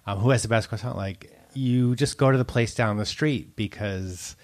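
A man's voice: lowish voice, normal speed, darkish tone. A man, a food writer, chatting casually as an interview guest, rambling with lots of likes and ums. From United States. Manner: chatty, laughs often, many likes and ums.

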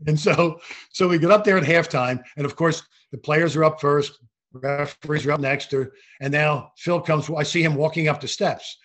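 An older man, a former referee, telling animated anecdotes in a casual interview, with frequent restarts. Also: on the high side, moderate pace. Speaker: guest, former basketball referee.

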